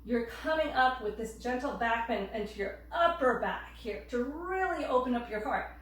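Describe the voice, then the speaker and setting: A woman instructor calmly cueing breaths and yoga poses while demonstrating, a little out of breath. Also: fairly high pitch, moderate pace. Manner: calm cueing of breath and poses, occasional laughs. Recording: very echoey room, distant mic.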